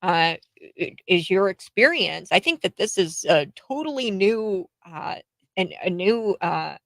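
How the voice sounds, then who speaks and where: A woman's voice: medium pitch, lively intonation, unhurried, gravelly, dry recording. A woman hosting a talk radio interview, chatty and restarting her sentences often. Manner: chatty, many fillers and restarts. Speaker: radio talk show host.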